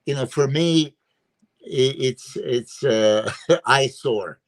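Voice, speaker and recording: A man's voice: mid-range voice, slow pace. A man with an emphatic, filler-heavy way of talking, giving his views as a guest coach in a casual podcast chat over a video call. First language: Serbian. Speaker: bodybuilding coach and guest analyst.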